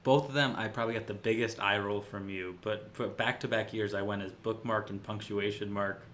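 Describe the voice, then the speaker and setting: A co-host chatting casually on a podcast, his voice sitting on the lower side. He rambles from one thought to the next, dropping jokes and laughing at himself as he goes. A faint noise hangs under him. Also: fairly even intonation, brisk, a bit bright. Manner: rambling, jokey, self-mocking. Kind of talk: casual chat.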